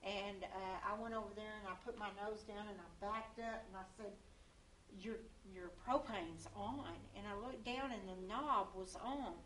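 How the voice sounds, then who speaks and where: A woman's voice: mid-range voice, fairly even intonation, moderate pace, hardly any pauses, fairly bright tone, distant mic. Woman telling a faith story, roomy sound. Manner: earnest storytelling. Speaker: church group member. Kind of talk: casual faith testimony. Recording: roomy room, faint noise.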